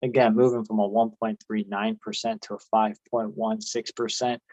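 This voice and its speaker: A man's voice: lowish voice, level tone, moderate pace, darkish tone, dry recording, lo-fi sound. A man co-hosting a casual investing chat, friendly and chatty. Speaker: co-host.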